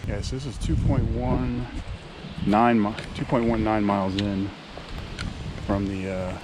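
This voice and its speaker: Out on a wooded trail with wind and outdoor sounds around him, a man in his thirties chats through his hiking vlog in a relaxed way, using many fillers. He speaks a little slowly, in a voice on the low side.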